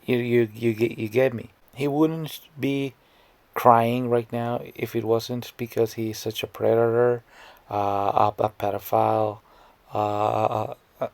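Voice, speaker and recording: A man's voice: fairly low pitch, creaky, a little mellow, no room sound. A man giving scornful, blunt reaction commentary, often stammering and repeating words. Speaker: commentary YouTuber.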